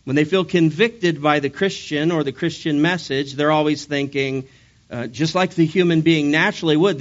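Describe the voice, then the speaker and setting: A man's voice: on the high side, moderate pace. A man preaching a sermon, his voice strained from sickness, telling a story with wry humor. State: strained voice from illness. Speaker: pastor. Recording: dull lo-fi sound.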